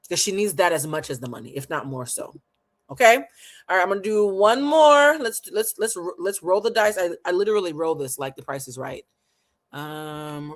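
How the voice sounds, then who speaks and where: A woman giving a live-stream tarot reading, animated, blunt and playful, talking to viewers in casual slang and laughing often. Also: fairly low pitch. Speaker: tarot reader.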